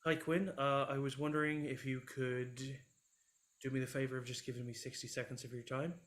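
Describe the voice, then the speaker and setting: A man playing a remorseful, halting man. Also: mid-range voice, little pitch movement, fairly bright tone, natural voice. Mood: apologetic. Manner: halting, apologetic, lots of um and uh. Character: remorseful adult man, awkward and sincere. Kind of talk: tabletop role-play.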